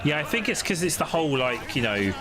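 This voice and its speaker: A young man streaming a game, chatting casually with viewers in a rambling, halting way with many restarts. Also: on the high side, sing-song. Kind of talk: casual chat while gaming. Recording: noisy stream audio.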